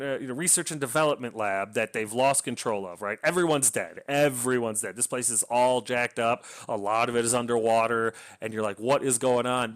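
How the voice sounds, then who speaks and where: A man's voice: mid-range voice, fairly bright tone, clean tone. A man giving a casual, rambling spoken review of a novel, with frequent restarts and enthusiastic asides. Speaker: book reviewer.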